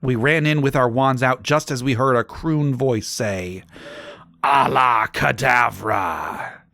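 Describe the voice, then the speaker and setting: A man narrating a comedic audiobook in a deadpan manner, with dry asides. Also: mid-range voice, normal speed, no echo.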